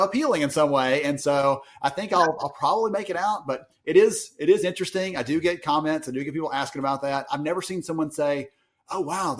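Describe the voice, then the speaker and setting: Southern-accented man telling stories. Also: a little high. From Alabama, US. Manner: animated storyteller, acts out quoted voices. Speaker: podcast guest, research analyst. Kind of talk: casual interview chat.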